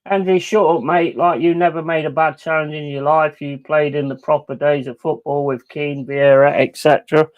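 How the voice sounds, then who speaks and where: A man's voice: on the high side, steady tone, normal speed, few pauses, phone-quality sound. A man hosting a football watch-along, ranting furiously with heavy swearing about refereeing decisions. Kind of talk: live football reaction commentary.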